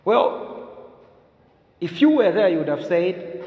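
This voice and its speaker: A man's voice: high voice, lively intonation, normal speed, pauses often. Brief: male preacher, emphatic sermon with repeated phrases; dull lo-fi recording, echoey room. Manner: emphatic, repeats key phrases, tells stories with a laugh. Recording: echoey hall, dull lo-fi sound.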